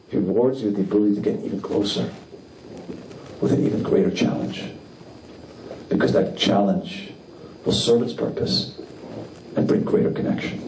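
A man giving a sermon as a rabbi, delivering it with impassioned emphasis and climbing pitch on key lines. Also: fairly even intonation, moderate pace, pauses often, background noise. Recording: echoey room, mic at a distance, faint background.

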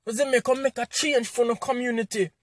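A man's voice: very high voice, steady tone, fairly quick, no room sound, clean studio sound. A man with a Jamaican accent delivering a heated, preachy commentary rant, firing off rhetorical questions and repeating himself for emphasis. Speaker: online commentator.

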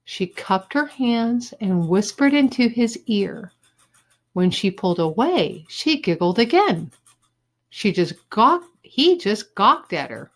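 A woman teacher reading a children's chapter book aloud with expressive storytelling. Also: a little high.

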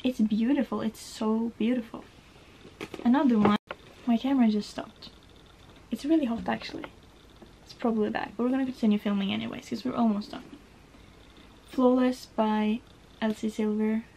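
A woman's voice: a little high, fairly even intonation, moderate pace, creaky, pauses often, mellow, slight background noise, rough recording. Gushing young woman, bookish vlogger. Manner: gushing, emotional, rambling with many "like"s. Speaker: book vlogger. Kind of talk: casual book tag vlog.

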